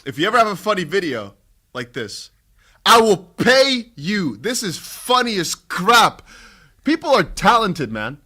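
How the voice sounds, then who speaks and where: A man hosting a casual livestream, animated and chatty with his viewers. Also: sits high, a little slow. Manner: animated, laughing, talks to viewers as lads. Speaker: livestream host.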